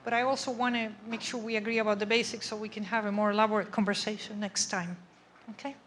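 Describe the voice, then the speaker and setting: A woman's voice: medium pitch, little pitch movement, fast talker, fairly bright tone, a little hiss or hum. Woman lecturing, asking "right?" a lot. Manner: conversational, checks understanding with frequent "okay?" and "right?". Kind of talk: academic lecture. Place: lecture room.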